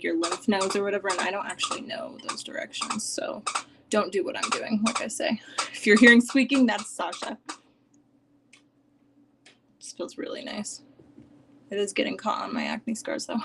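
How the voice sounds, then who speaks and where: A young woman at her desk at home, talking through a relaxed live stream in a medium-pitched voice. She rambles with plenty of "like" and sometimes sinks to a soft near-whisper. Faint noise sits under her voice. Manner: chatty and rambling, heavy use of "like". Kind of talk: casual live stream chat.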